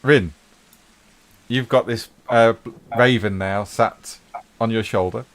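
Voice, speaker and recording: A man's voice: on the low side, takes it slowly. Man narrating as game master. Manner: descriptive, easygoing narration with fillers.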